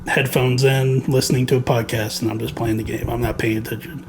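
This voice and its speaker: A man's voice: mid-range voice, little pitch movement, a little fast. Laughing man chatting about a game. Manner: laughs often, rambling with many fillers. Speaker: podcast co-host. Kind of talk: casual game review chat.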